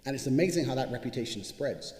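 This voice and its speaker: Brief: brash man, rapid-fire and full of swearing, mellow dark tone, echoing room with long reverb. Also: mid-range voice, expressive. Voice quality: profane, boastful delivery. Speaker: self-promoting speaker addressing viewers. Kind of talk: casual monologue to camera.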